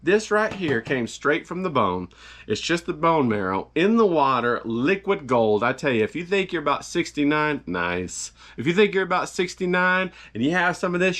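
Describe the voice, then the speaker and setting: A man's voice: fairly high pitch, very animated, moderate pace, a bit bright. Rowdy, swearing home-cook man. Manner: rowdy, folksy and profane, rambling asides to the viewer and cameraman. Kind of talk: casual cooking vlog. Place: home kitchen.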